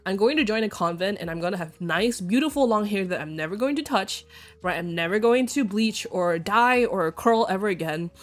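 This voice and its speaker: A woman's voice: medium pitch, lively intonation, a little fast. A young woman streamer chatting casually and telling stories with lots of giggles and quoted voices. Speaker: vtuber streamer. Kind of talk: casual chat.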